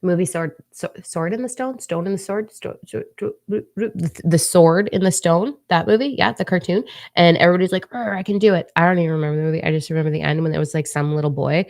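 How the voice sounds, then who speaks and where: A woman's voice: lowish voice, fairly even intonation, quick pace, vocal fry, a little mellow, no echo, clean studio sound. A woman giving a casual spiritual forecast to camera, blunt and profane, with joking asides and whispered remarks to herself.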